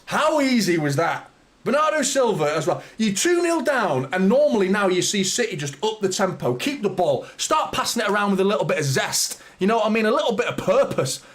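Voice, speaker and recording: Fan-channel host, male, fed-up and sweary, lively swooping delivery, a touch high for a man. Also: a little fast. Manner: exasperated, sweary, rants at players. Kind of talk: live football watchalong commentary.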